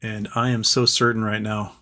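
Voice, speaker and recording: A man's voice: fairly low pitch, flat delivery, normal speed, bright, forceful tone. A man hosting a casual livestream, reading viewer messages aloud and joking and rambling between them. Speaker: livestream host reading super chats.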